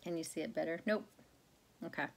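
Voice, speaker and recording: Woman, lowish voice, casual rambling vlogger chat with fillers. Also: a little fast, gravelly. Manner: chatty, rambling, many fillers and self-corrections. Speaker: cross-stitch vlogger.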